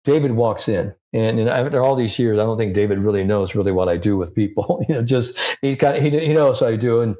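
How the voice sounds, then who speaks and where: A man's voice: fairly low pitch, fairly quick, hardly any pauses, mellow. An older man, a sports psychologist, telling an anecdote animatedly in an interview and acting out the voices he quotes.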